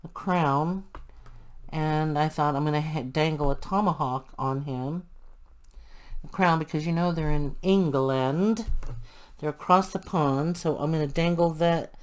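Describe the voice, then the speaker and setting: A woman's voice: low-pitched, measured pace. An older woman chatting casually and thinking aloud as she works through a craft tutorial. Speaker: crafting channel host.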